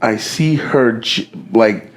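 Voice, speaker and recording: A man's voice: fairly low pitch, takes it slowly. A young man co-hosting a podcast, telling a story among friends in a casual, profane, slangy way and acting out the quoted dialogue. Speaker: podcast co-host.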